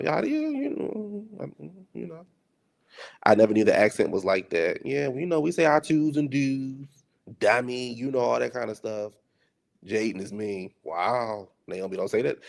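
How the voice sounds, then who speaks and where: Low-voiced man with vocal fry, casual sassy reaction commentary. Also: darkish tone. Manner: sassy, teasing.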